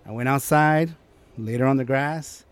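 A man speaking in an interview at an average pitch, recounting events in a loose, animated way. He slips into the voices of the people he quotes and often restarts his sentences. The delivery sounds like a relaxed chat. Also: unhurried. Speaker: guest. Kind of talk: casual interview storytelling.

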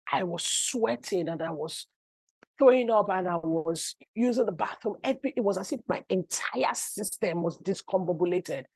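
A middle-aged woman who is an apostle and preacher gives a sermon rich in personal testimony, her storytelling animated and breaking into cries. Her pitch is fairly low, with vocal fry and a slightly rough texture, in a dry recording.

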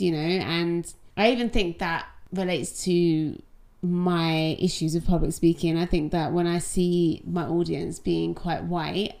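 A woman's voice: on the low side, vocal fry, a little mellow. A woman with an English accent hosting a podcast, telling candid, rambling stories in a casual monologue. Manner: chatty, candid, rambling storytelling. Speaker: podcast host.

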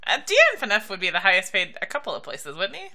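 A young woman co-hosting a casual podcast chat, playful and quick to laugh. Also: medium pitch, wildly swooping pitch, bright, forceful tone. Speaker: podcast co-host.

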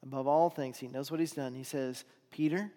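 A man preaching a sermon, retelling a story with dramatic swings between loud and hushed delivery. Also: mid-range voice, steady tone, brisk, big-room sound.

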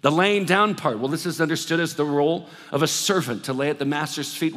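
A man preaching a sermon, telling a story with lively acted-out dialogue before moving into scripture. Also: on the high side, a little fast. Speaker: pastor. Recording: reverberant hall sound.

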